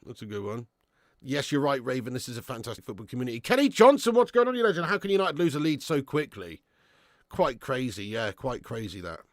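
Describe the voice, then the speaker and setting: A man hosting a live football watch-along, calling the play and chatting casually with viewers, swearing freely and swinging between excited shouts and weary sighs. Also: medium pitch, a little fast, no echo, clean studio sound. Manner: casual and matey, thanks viewers by name. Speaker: fan channel host doing live match watch-along.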